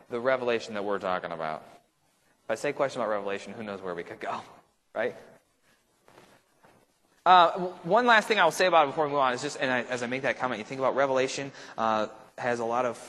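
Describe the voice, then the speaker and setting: A man's voice: mid-range voice, fairly bright tone, big-room sound. A male pastor leading a casual Bible study, talking conversationally and checking in with the group with frequent tag questions. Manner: thinks aloud with restarts and asides.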